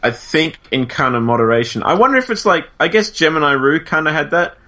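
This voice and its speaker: A man's voice: on the high side, animated, brisk, sharp tone. A man co-hosting a casual podcast, rambling self-deprecatingly about games he plays. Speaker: podcast co-host.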